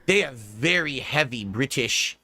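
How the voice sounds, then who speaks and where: A man's voice: medium pitch, animated, a little slow, noisy background. An American man streaming to his viewers in rambling casual chat, laughing often and swearing casually. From United States. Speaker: streamer talking to his audience.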